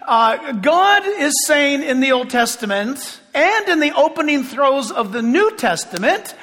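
A man preaching a sermon with passion, shouting at points and making sarcastic asides. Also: very high-pitched, big pitch swings, a little slow, long reverb tail.

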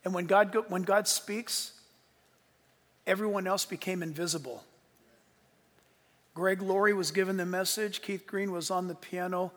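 An older man in his sixties preaches in a rather high voice, telling his story earnestly. He drops to a hush and then rises to emphatic peaks. A long reverb from the hall trails behind every phrase. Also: fairly even intonation, normal speed. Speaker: pastor. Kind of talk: sermon.

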